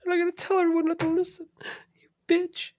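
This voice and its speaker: A man's voice: completely flat delivery, fast talker, darkish tone, no echo, studio quality. A man voicing a petulant, whiny offended podcast listener in a mocking put-on voice. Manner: shrill mocking whine.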